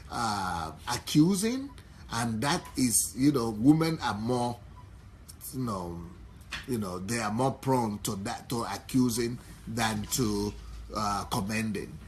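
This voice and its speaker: A man's voice: on the low side, a little hiss or hum. A man giving marriage advice to wives in an earnest, instructive talk, often repeating and rephrasing his points between fillers.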